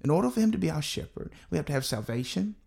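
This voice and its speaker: A man's voice: a little high, big pitch swings, racing, gravelly, a little mellow. A man preaching a sermon as pastor, earnest and repeating key phrases for emphasis.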